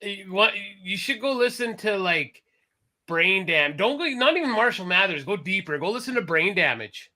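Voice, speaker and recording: A man's voice: high voice, normal speed. A man co-hosting a casual talk show, rambling and correcting himself as he goes. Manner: rambling, self-correcting, animated. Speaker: podcast co-host. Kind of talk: casual chat.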